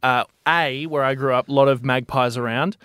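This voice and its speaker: A man's voice: medium pitch, steady tone, moderate pace, fairly bright tone, clean tone, no room sound. An Australian man co-hosting a breakfast radio show, chatting casually with playful, teasing banter. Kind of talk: casual chat. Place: radio studio.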